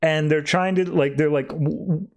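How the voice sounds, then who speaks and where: A man hosting a podcast, giving a casual comic book review with an animated recap. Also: medium pitch, moderate pace. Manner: animated recap, acting out character lines. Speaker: podcast host.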